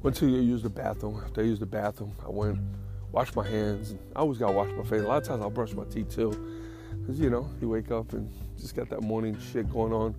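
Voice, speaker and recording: A man's voice: lowish voice, steady tone, a little fast, over music. A man hosting a podcast, telling rambling, profane, self-amused stories in casual talk. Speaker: podcast host. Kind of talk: casual storytelling.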